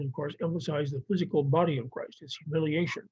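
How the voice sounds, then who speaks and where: A man's voice: fairly high pitch, fairly even intonation, fairly quick, few pauses, darkish tone, husky, no room sound. A man teaching a Bible survey lesson, explaining plainly with some fillers and restarts. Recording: dry, muffled lo-fi recording.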